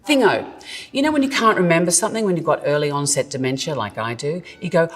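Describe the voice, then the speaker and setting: Australian actress, low voice, very animated delivery, playful and self-mocking, long reverb with faint music behind. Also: female voice. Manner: jokey, self-mocking, drawn-out words. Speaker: actress explaining slang. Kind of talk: playful scripted explainer.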